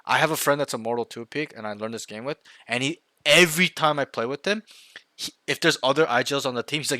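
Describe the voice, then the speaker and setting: A man's voice: medium pitch, fast, dry recording. A man coaching a student one-on-one over voice chat, emphatic and often checking in with 'right?'. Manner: emphatic, often checks in with 'right?', acts out loud team callouts. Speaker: game coach.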